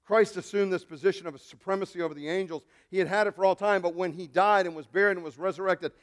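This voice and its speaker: Male pastor, high voice, dynamic sermon, loud declarations to hushed asides, joking with the congregation. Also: fast talker.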